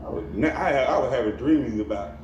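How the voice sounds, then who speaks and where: A middle-aged male vlogger rants confrontationally to the camera, profane and taunting, laughing at his own jabs. His mid-range voice is animated and a little fast. The lo-fi, off-mic audio comes from an echoey room with background noise and faint ambience.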